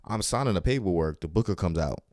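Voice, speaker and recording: Fast and animated, a New York City comedian hosting his own podcast rattles off casual, profane, slang-heavy stories about his week. His voice sits low with a slightly mellow color, and there's no echo.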